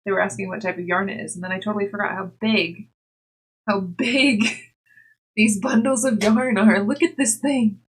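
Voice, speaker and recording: A woman's voice: medium pitch, fairly even intonation, normal speed, fairly bright tone, slightly rough. A young woman chatting casually with her live chat while knitting, giggly and talkative. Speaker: livestreamer.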